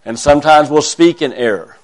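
Male minister, earnest, measured, conversational sermon to a church. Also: a little high, lively intonation. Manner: earnest, measured, with emphatic rises. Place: church service.

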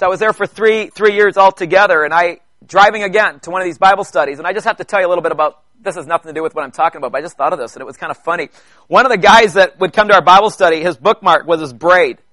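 A man preaching a personal testimony in church, chatty, with halting restarts and joking asides to the congregation. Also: high voice, fairly bright tone, dry recording. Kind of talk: conversational sermon testimony.

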